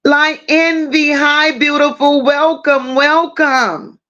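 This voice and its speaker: Woman hosting a livestream, high voice, calls everybody baby and boo, kinda dull lo-fi audio. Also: fairly even intonation, takes it slowly, sharp tone. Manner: greets viewers one by one with pet names like baby and boo. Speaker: livestream commentary host. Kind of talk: casual livestream chat.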